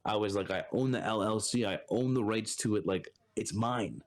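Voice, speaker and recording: A lower-pitched man from Brooklyn with a New York accent tells a story in a casual podcast interview. He acts out each person's lines as he goes, jumping up in pitch for the quoted voices. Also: normal speed. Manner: animated storyteller acting out other people's lines. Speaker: podcast guest, Marine Corps reservist.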